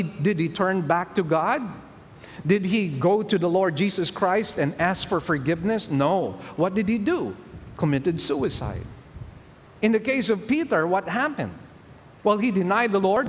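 A man preaching a sermon to a congregation, asking rhetorical questions and then answering them himself. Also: sits high. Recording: long hall reverb with faint ambient noise.

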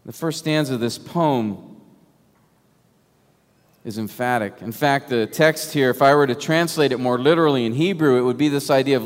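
A man preaching a sermon, emphatic and full of rhetorical questions, sometimes dropping to a hush. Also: mid-range voice, expressive, moderate pace. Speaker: pastor. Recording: long hall reverb.

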